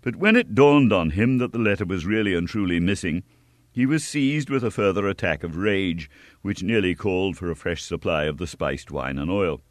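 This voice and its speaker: A man giving a lively, expressive scripted audiobook narration of an adventure story. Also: low voice, normal speed, dry recording, studio quality.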